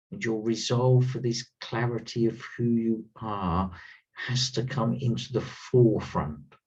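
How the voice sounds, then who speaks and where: Earnest man, husky and distant. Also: mid-range voice, darkish tone. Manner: earnest, emphatic, repeats words for weight. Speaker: spiritual teacher. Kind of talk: spiritual talk. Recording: slightly distant, dull lo-fi sound.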